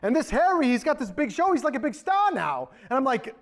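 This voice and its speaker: Man, solo theatre comedian, high voice, lively swoops, campy storytelling. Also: brisk. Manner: campy, animated. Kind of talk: comic storytelling monologue.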